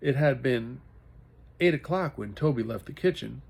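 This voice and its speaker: A man's voice: medium pitch, animated, normal speed, gravelly, darkish tone, slightly rough. A man reading a children's novel aloud as a hobby, with occasional self-corrections. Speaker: reader.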